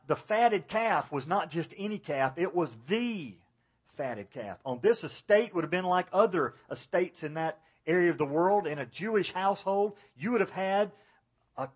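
A man's voice: high voice, expressive, normal speed, husky. A man preaching a sermon as pastor, dramatically acting out the lines of the story's characters. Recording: dull, lo-fi church recording.

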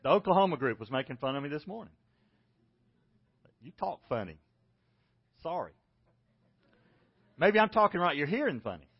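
A South Carolina pastor with a Southern drawl delivers a folksy, self-deprecating sermon. His voice sits high for a man. The recording sounds dull and lo-fi. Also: big pitch swings, fast talker, long pauses, husky. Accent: Southern American. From South Carolina, United States.

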